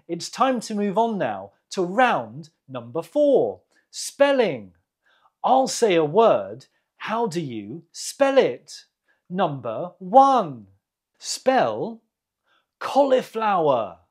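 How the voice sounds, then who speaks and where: Quiz-host teacher with a husky tone, very slow, lively rise and fall, repeats every word for learners. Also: mid-range voice. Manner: repeats each word clearly, pauses for the listener. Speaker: English teacher hosting a quiz.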